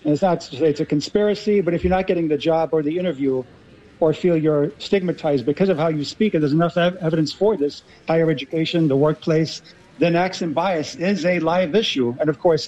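A man's voice: a little high, dark tone, lo-fi sound. A man with an American accent, a guest in a radio interview, speaking in an articulate, lecturing way. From Los Angeles, USA.

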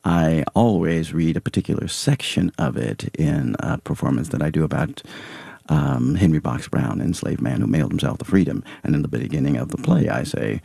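Male guest, deep gravelly baritone, husky and warm, relaxed and laughing. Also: normal speed, dry recording. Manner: laughs easily, relaxed and reflective. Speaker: guest, playwright and actor. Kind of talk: casual radio interview chat.

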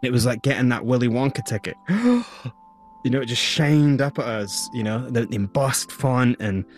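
A man's voice: medium pitch, brisk, soft background music. A man with a Scottish accent, a guest in an interview, telling his story with energy and acting out what people said. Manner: energetic, vivid storyteller who acts out quotes.

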